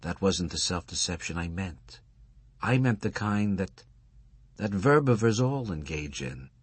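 A bitter, defiant older wife, played by a man reading aloud. She speaks quietly, clipped and cutting. Her voice is husky and dry. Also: low-pitched, expressive, a little slow, no echo, full character voice.

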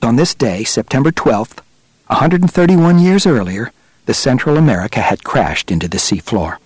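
A man reads a nonfiction audiobook in a steady, measured way. His pitch sits in the middle range for a man. The recording is close and dry, with no room sound. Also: slightly rough, no echo. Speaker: narrator. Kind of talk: audiobook narration.

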